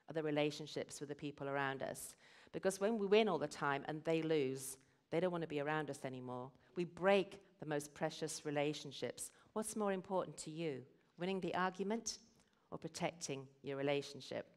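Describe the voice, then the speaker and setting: Her voice is deep with a darkish tone. This middle-aged guest speaker at a church service preaches a sermon, earnestly explaining points and weaving in stories.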